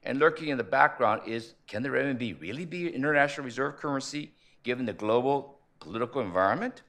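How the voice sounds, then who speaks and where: Man, conference presentation, measured analytical delivery, rhetorical questions, mid pitch. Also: animated, a bit bright. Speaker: panel speaker on economics.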